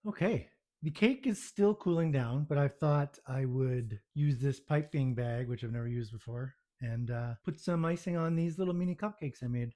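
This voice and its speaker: A man's voice: on the high side, mellow. A man narrating his own home baking video, muttering to himself with self-deprecating exasperation as things go wrong in his kitchen.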